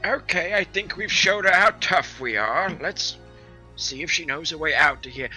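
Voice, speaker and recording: A man's voice: on the high side, lively intonation, moderate pace, sharp tone, husky, faint music behind. A man playing a tabletop game in character, speaking in a fussy, polite, mock-proper way. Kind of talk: in-character role-play.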